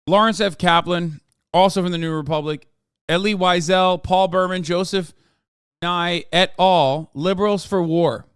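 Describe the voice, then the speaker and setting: A man's voice: high voice, steady tone, a little slow, fairly bright tone, clear, resonant tone, no room sound, clean studio sound. A man livestreaming, giving heated, profane, sarcastic commentary while reacting to a news piece.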